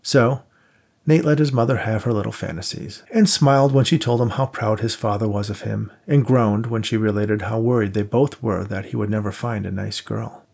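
A man narrating an audiobook in a steady storytelling manner. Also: lowish voice, normal speed, gravelly, husky. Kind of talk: scripted narration.

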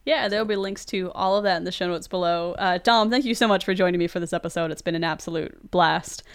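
A woman's voice: fairly low pitch, fast, clear, resonant tone. A woman hosting a film podcast, chatting casually with a guest and laughing often. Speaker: podcast host.

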